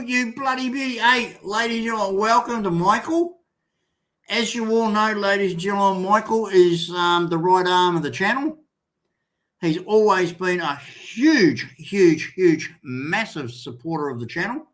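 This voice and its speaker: Older Australian male stream host, slightly high voice, loose and rambling, salty language. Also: a bit bright. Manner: rambling, swears, calls viewers mate and son. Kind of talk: casual live chat.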